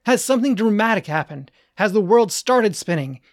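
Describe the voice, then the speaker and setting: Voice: medium pitch, lively intonation, normal speed, dry recording, clean studio sound, pitched above the performer's own voice, lightly acted. A narrator doing an eager, prying passerby. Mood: curious. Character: passerby man, curious and prying.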